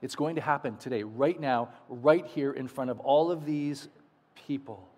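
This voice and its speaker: A male pastor delivering an Easter sermon and reading scripture, dramatic, often dropping to soft, low endings. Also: moderate pace, long reverb tail.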